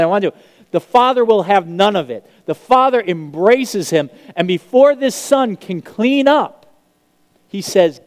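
Guy preaching, acts out the story voices, pretty high voice, long echo like a church hall. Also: a little slow, pauses often. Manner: animated storytelling, acting out the characters' lines. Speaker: pastor. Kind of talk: sermon.

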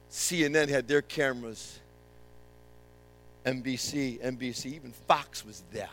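A man preaching a sermon as a playful, animated story retelling. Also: medium pitch, normal speed.

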